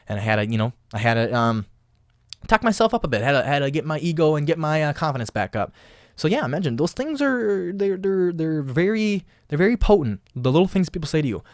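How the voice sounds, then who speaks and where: A man's voice: fairly high pitch, very animated, a little fast, dry recording, studio quality. A young man hosting a casual motivational podcast, talking solo in an impassioned, emphatic way and often repeating phrases. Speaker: podcast host.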